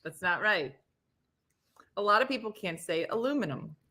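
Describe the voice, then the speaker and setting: A woman's voice: mid-range voice, expressive, normal speed, bright, forceful tone. A middle-aged woman hosting a casual morning chat show, teasing her co-host and laughing often.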